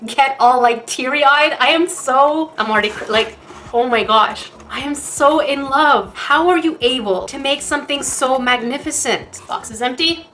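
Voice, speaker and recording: A young woman with a fairly high voice gushes through an unboxing, chatty and excitable. She trips over her words and restarts her sentences as she talks to her viewers. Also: normal speed, slight background noise. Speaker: crafting YouTuber. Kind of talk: casual unboxing chat.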